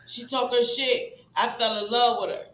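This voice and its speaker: A woman's voice: a little high, fairly even intonation, moderate pace, a bit bright, roomy sound, low-quality recording. A woman in her forties from Richmond, talking casually as a live stream guest in a blunt, profane, heated way. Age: 40s. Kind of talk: casual chat.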